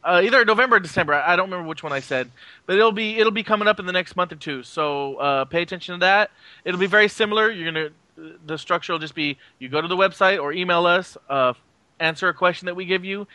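A man hosting a podcast, talking casually with frequent fillers and pauses. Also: sits high, dry recording. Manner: relaxed, halting with fillers. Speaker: podcast host.

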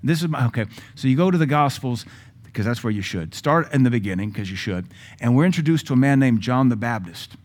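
A man's voice: medium pitch, lively intonation, fairly quick. Blunt sarcastic Southern preacher man. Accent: Southern American. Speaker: pastor. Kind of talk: sermon.

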